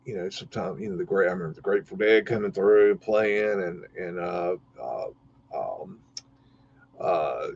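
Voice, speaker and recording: A man's voice: sits low, normal speed, a little mellow, breathy edge, dull audio. A man casually telling rambling stories about his old jobs, folksy and swearing freely, with lots of fillers. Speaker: podcast host.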